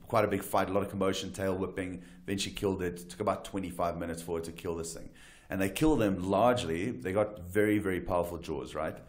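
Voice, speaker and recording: A deep-voiced man from South Africa recounts wild adventures as a talk show guest. He talks in a casual, animated way, often restarting sentences and checking in with "right?". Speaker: wildlife guide and photographer, guest. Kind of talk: casual storytelling interview.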